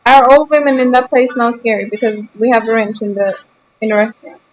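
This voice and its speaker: A woman's voice: on the high side, level tone, brisk, no echo, rough recording. A young woman streaming a game, chatting casually with her viewers in a teasing, mock-indignant way.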